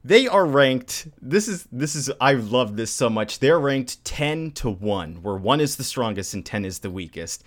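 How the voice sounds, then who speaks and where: A man's voice: mid-range voice, very animated, measured pace, hardly any pauses. A man hosting a casual podcast chat, recapping a story and laughing often. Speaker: podcast host.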